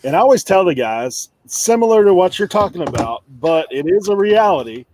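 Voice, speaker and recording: A man's voice: high voice, very animated, brisk, darkish tone, slight background noise. A man chatting casually on a live stream, telling a long laid-back anecdote and laughing along the way. He comes from the United States. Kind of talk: casual chat, storytelling.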